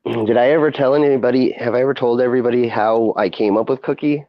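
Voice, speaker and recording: A man's voice: mid-range voice, fast talker, lo-fi sound. A man hosting a casual chat, rambling with many fillers and frequent laughs. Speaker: podcast host and streamer.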